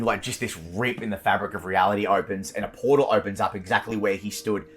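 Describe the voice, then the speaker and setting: Casting: male dungeon master, lowish voice, gory horror narration with loose fillers. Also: steady tone, fairly quick, few pauses, faint music behind. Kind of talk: narrating a tabletop game.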